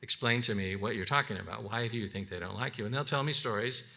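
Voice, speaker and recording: In an unscripted teaching session, a man with a fairly low-pitched, creaky, bright, forceful voice leads a biblical counseling class conversationally. He acts out the counseling dialogues he describes, often restarting in a halting way and repeating words.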